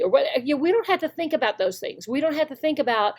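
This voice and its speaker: A woman with a Southern US drawl talks through her teaching method in an emphatic, instructional way. Her voice sits a little high, and she slows down deliberately whenever she models a sentence. She sounds like an experienced teacher coaching newcomers. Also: expressive, a little mellow. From Southern United States. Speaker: online English teacher. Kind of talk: instructional talk.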